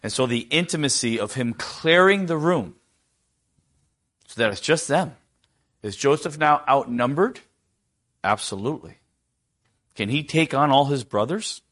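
A middle-aged man preaching a sermon, asking the congregation rhetorical questions and dropping to a near hush for tender quoted lines. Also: medium pitch, animated, measured pace, pauses often.

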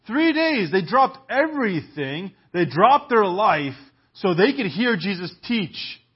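A man's voice: high voice, big pitch swings, slow pace, slightly rough. A man preaching a sermon in a church, emphatic and full of rhetorical questions, on a dull lo-fi recording.

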